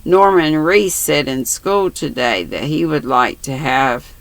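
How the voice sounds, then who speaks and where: A grandmother voicing an earnest, shy and blunt little boy who talks gravely in a storybook reading. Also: deep voice, expressive, takes it slowly, no echo, exaggerated voice.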